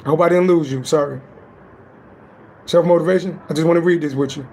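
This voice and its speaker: A man's voice: a little high, fairly even intonation, a little fast, darkish tone. A man hosting a live psychic stream, trading playful rhyming roasts and reading a spiritual text aloud. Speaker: livestream psychic reader.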